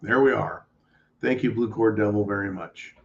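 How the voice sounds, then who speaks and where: A man hosting a live stream, reading viewer messages aloud and ranting bluntly and sarcastically, with profanity, swinging between low mutters and loud outbursts. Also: normal speed, creaky, highs cut off, background noise. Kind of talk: casual political rant to a live chat.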